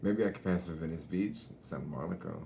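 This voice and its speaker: A man's voice: low-pitched, quick pace, gravelly, warm tone, a little hiss or hum. A man chatting casually in a vlog, laid-back and slangy, swearing and laughing often, talking outdoors at a beach. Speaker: vlogger. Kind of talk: casual rambling chat.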